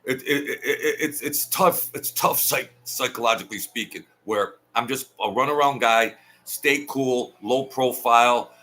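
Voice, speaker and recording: Animated storytelling man, bright tense voice. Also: medium pitch, unhurried, few pauses, soft background music. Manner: animated, rambling, acts out quoted voices, repeats himself. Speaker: host telling stories from mob life. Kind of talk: casual storytelling monologue. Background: lawnmower outside.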